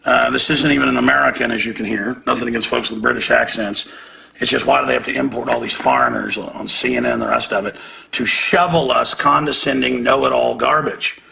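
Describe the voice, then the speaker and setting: Gravelly guy ranting on talk radio, super emphatic and fired up. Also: medium pitch, steady tone, a little fast, sharp tone, a little hiss or hum. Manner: indignant, emphatic. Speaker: radio host.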